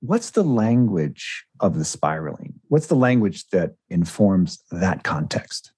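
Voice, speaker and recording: A man's voice: low-pitched, big pitch swings, slow, a little mellow, husky, dry recording, studio quality. Encouraging man, podcast co-host. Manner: coaching, encouraging, speaks to listeners directly. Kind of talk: casual conversational podcast.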